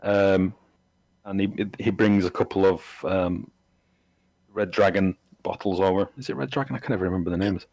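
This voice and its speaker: A man's voice: deep voice, steady tone, normal speed, a little mellow, no echo, low-quality recording. A man narrating a tabletop game as game master, rambling and hesitant with many fillers.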